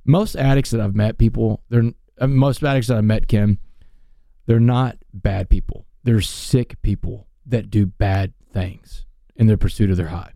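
An earnest man tells his story with energy and feeling. His voice is mellow and dark, recorded close in a dry studio. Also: lowish voice, fairly even intonation, a little slow, creaky, dry recording. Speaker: guest. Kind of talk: storytelling interview.

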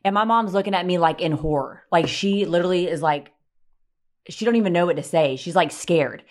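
A young woman telling a personal story in casual, animated chat, swearing and acting out what people said. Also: lowish voice, fairly quick. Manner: animated, swearing, acts out quotes. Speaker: podcast guest telling a story.

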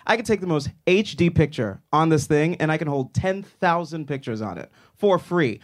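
Young man, slightly high voice, very lively pitch, emphatic comedic rant, podcast co-host. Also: normal speed. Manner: animated, emphatic, argumentative.

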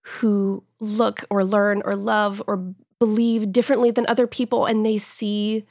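A woman's voice: mid-range voice, flat delivery, a little slow, darkish tone, dry recording, clean studio sound. A woman in her thirties, a guest talking earnestly and emotionally in a casual interview, at times choked up. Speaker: guest author.

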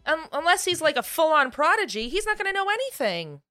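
A woman's voice: very high-pitched, sing-song, fairly quick, sharp tone, faint music behind. A woman co-hosting a podcast, chatting casually in a playful, teasing way. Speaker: podcast co-host. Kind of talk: casual comedic chat.

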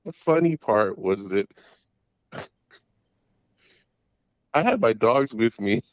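A man's voice: on the low side, big pitch swings, slow, dry recording. A middle-aged man, calling in, tells a long story in a rambling way, with restarts and repeated words. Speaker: caller. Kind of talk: casual storytelling. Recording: dull lo-fi audio.

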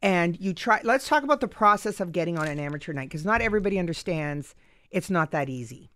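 A middle-aged woman hosts a comedy talk show from a radio studio. Her voice is bright and ringing, and her manner is playful and gushing. She chats casually with her guests. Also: fairly low pitch, animated, quick pace. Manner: gushing and playful, laughs easily.

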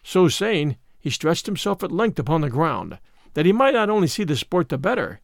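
Animated male storybook narrator. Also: a little high, normal speed, creaky, dry recording, clean studio sound. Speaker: audiobook reader.

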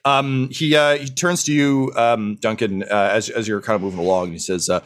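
A man's voice: fairly low pitch, normal speed. Man narrating a tabletop game, hesitant. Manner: hesitant, lots of fillers. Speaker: game master.

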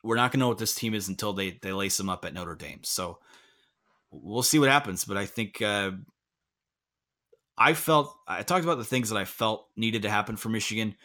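Man, sports podcast host, bright forceful voice, rambling, joking asides. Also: on the low side. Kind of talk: casual sports podcast chat. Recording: remote call audio.

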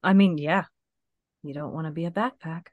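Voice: medium pitch, moderate pace, dry recording, highs cut off. A podcast co-host chatting casually about game lore with playful, joking banter. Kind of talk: casual chat.

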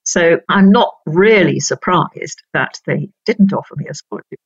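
An older woman from North Yorkshire, a retired judge, telling stories in an interview in a measured, precise way with frequent laughter. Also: fairly low pitch, breathy edge, no echo, lo-fi sound. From North Yorkshire, England. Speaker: guest, retired senior judge. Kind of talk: reflective interview storytelling.

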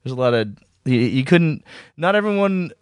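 Wry man with lively intonation, podcast co-host. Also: on the high side, moderate pace, smooth, no echo, clean studio sound. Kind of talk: casual chat.

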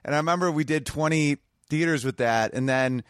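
A man who is a comedian guest, telling crude stories in casual podcast chat, lively and breaking into sung bits. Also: fairly high pitch, brisk, clean tone, dry recording, studio quality. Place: home man cave.

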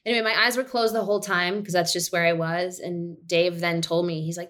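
A woman's voice: fairly low pitch, fairly even intonation, a little fast, fairly bright tone. A woman guest on a podcast, telling a personal story in a chatty way, full of "like" and "you know". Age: adult mother of two. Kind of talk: casual birth-story telling.

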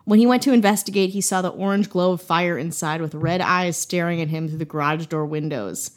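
A woman's voice: lowish voice, brisk. A woman from Wisconsin hosting a podcast, telling a spooky story in a casual way with playful, jokey asides. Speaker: podcast host.

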